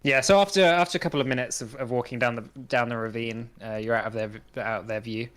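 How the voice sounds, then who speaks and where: A man's voice: medium pitch, steady tone, fast talker, fairly bright tone. A man narrating as game master of a tabletop game, hesitant, with many fillers and restarts.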